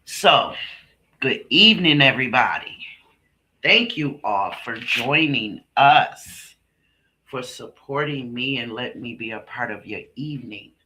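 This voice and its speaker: Man, stream host, slow chatty delivery, very bright forceful tone. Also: expressive, slight background noise. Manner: chatty, warm greetings to viewers, laughs often; slow, drawn-out delivery with big pitch swings. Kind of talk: casual live stream chat.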